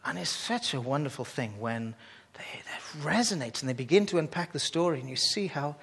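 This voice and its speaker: A man preaching a sermon in an animated way, often restarting phrases as he builds excitement. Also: fairly high pitch, a little fast, vocal fry, husky.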